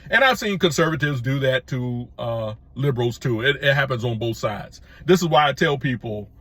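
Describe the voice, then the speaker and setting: A man's voice: medium pitch, lively intonation, moderate pace, a bit bright, dry recording. A middle-aged man hosting his own channel, giving an emphatic opinion monologue with repeated phrases and stammered restarts. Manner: emphatic, repetitive, restarts with stammered false starts. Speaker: YouTube channel host.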